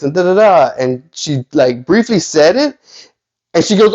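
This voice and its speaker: A man hosting a card collecting vlog, telling a rambling story with many self-corrections and lively quotes of other people. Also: a little high, moderate pace, lo-fi sound. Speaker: card collecting channel host.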